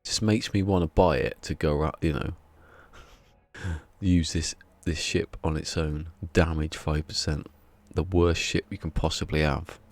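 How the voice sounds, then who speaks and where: A man with a very deep, gravelly voice talks through a live game stream. His chat is rambling and wry, and he keeps slipping into mumbled asides to himself, with creak running through the low end. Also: steady tone, unhurried.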